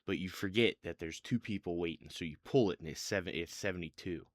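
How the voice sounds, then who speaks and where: A man's voice: sits low, fast, no room sound. A man running a tabletop game as game master, narrating casually with many fillers.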